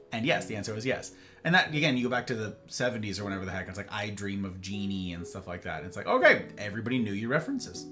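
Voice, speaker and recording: Streamer host, male, bright tone, animated rambling chat, faint guitar underneath. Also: on the low side, a little fast. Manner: rambling, animated, acts out little dialogues. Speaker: livestream host. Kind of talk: casual chat with live viewers. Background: faint guitar music.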